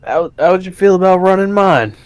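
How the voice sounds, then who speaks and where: A man voicing an easygoing young rancher who talks in a relaxed, joking way. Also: high-pitched, a little fast, dry recording, pitched above the performer's own voice, close to an everyday voice. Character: young male rancher hiring hands, easygoing.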